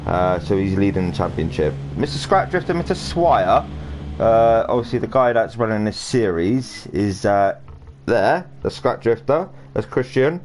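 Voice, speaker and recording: A man's voice: on the low side, big pitch swings, a little slow. Rambling man commentating a race. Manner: rambling and chatty, with many fillers and restarts. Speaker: sim racing commentator. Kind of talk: live racing stream commentary. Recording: noisy home stream audio.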